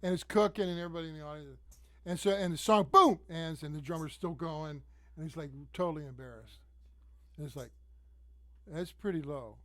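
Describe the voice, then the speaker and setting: A musician chatting casually, telling stories and laughing now and then. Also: male voice, on the high side, fairly quick, no echo. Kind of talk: casual storytelling. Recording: loud music behind.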